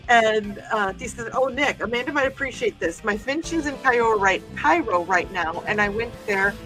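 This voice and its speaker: A woman's voice: a little high, expressive, moderate pace, fairly bright tone, soft background music. A woman hosting a livestream in casual chat, reading viewer comments aloud and laughing often. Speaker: livestream host.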